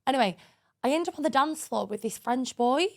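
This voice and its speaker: A woman co-hosting a podcast, telling dating stories in a lively, swearing, laughing way. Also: high-pitched, a little fast, vocal fry. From England. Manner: animated, swearing, laughing storyteller. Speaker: podcast co-host. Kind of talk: casual chat.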